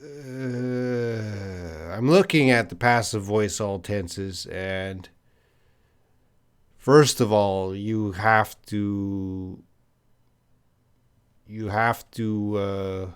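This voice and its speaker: A man's voice: on the low side, fairly even intonation, extremely slow, pauses often, clear, resonant tone. A middle-aged man with a Canadian accent, an English teacher answering viewers' chat questions on a live stream, patient and thinking aloud with ums and hmms.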